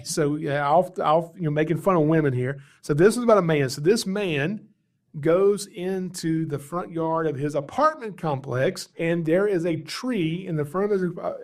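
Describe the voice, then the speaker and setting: Animated man telling snake-call stories. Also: fairly high pitch. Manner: animated, acts out callers' voices, chuckles often. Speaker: podcast host, snake catcher. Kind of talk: casual storytelling.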